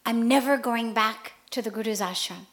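A man's voice: sits high, lively intonation, unhurried, fairly bright tone. A woman voicing a proud, stubborn young male disciple in a spoken story, who talks in an indignant, insistent way. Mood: bitter.

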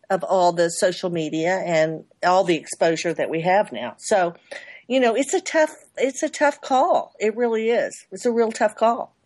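A woman's voice: fairly low pitch, darkish tone, dry recording. A middle-aged woman publicist being interviewed, talking in rambling loops that repeat and restart. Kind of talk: interview guest.

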